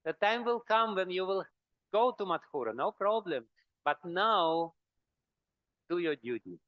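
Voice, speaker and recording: A man's voice: high voice, expressive, a little slow, dry recording, muffled recording. An older man voicing commanding male heavenly beings speaking from the sky, scolding and urging.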